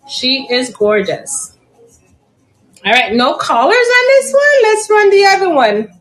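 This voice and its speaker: High-voiced woman chatting slowly. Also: a bit bright, low-quality recording. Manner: chatty, giggly, stumbles over and spells out plant names. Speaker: live-sale seller. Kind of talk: casual live-auction chat.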